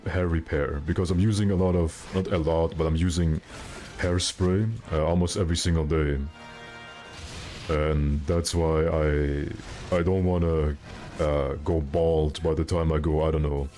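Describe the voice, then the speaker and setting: A man's voice: low voice, mellow. A man streaming a game, chatting casually with his viewers in a joking, self-mocking, rambling way. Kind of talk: casual live-stream chat.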